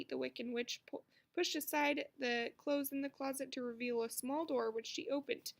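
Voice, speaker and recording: A woman reading a children's book aloud with expressive storytelling. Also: high-pitched, moderate pace, vocal fry. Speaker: narrator.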